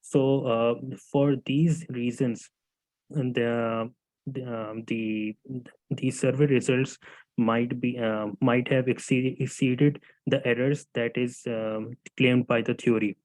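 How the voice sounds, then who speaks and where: A man's voice: mid-range voice, flat delivery, slow pace, a little mellow, no room sound, rough recording. A male student presenting answers to his teacher in class, hesitant and full of fillers, calling him sir. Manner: hesitant, many fillers and restarts.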